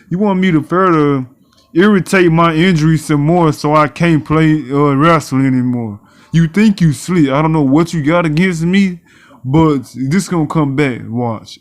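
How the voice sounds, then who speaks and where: Slightly high-voiced man ranting over a game. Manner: exasperated ranting with slang; reads game text aloud. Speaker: gaming YouTuber. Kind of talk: casual gameplay commentary.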